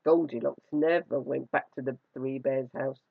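A storyteller reading a fairy tale aloud in an expressive, drawn-out way, on a dry, dull recording. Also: mid-range voice, gravelly, slightly rough, no room sound.

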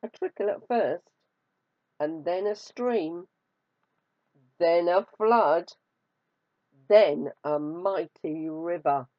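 Slow, lowish woman storyteller; storybook read-aloud, dry and slightly dull sound. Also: no room sound. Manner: expressive, drawing out words for effect.

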